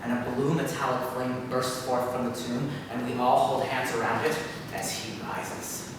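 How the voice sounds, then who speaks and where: A man's voice: mid-range voice, steady tone, a little slow, noisy background. A man performing a one-man comic monologue on a theater stage, chatty and full of fillers. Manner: conversational, lots of fillers and self-interruptions. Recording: echoey live theater from far off.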